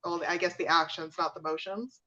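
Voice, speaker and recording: A woman's voice: lowish voice, fairly even intonation, fairly quick, bright, forceful tone. Wry woman on a dull lo-fi line. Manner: wry, laughing at the papers. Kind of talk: casual chat.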